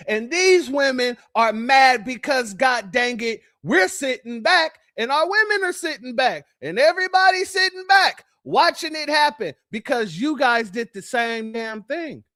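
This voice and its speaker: A man hosting a commentary show, reacting to played clips in an animated, preachy and mocking way. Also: very high voice.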